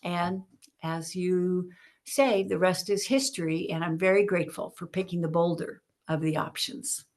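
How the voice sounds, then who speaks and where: A woman author, a guest on a podcast, telling stories in an animated way and acting out the voices in her stories. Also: on the low side, moderate pace. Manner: animated storyteller, acts out quotes. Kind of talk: podcast interview storytelling.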